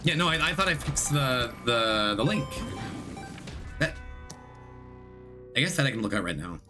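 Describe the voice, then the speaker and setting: A man's voice: mid-range voice, lively intonation, normal speed. A man streaming a video game, chatting loosely with his viewers and correcting himself as he goes, still recovering from a long illness. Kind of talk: casual gameplay commentary. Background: game music.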